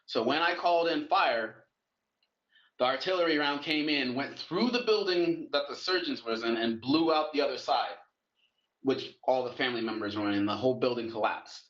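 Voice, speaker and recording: A man chatting loosely and profanely, with a middle-pitched voice. He slows and stumbles over heavy subjects. The recording is lo-fi and echoey, as if from a bare room. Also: fairly bright tone. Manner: loose, profane, talks while eating and moving around; slow and halting on heavy topics. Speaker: guest in a conversation. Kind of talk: casual chat. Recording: dull lo-fi, roomy echo.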